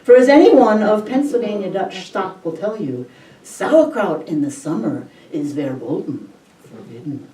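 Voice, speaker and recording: Slow, lively wry woman storyteller. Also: medium pitch, far from the mic, slight background noise. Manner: wry, deliberate, savoring details. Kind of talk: live personal storytelling. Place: stage at a live storytelling event. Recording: roomy hall, voice from the mic.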